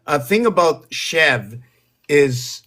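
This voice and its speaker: A man's voice: a little high, sing-song, slow pace, a bit bright. A man hosting a casual livestream from home, rambling and musing aloud about words and numbers. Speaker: livestream host.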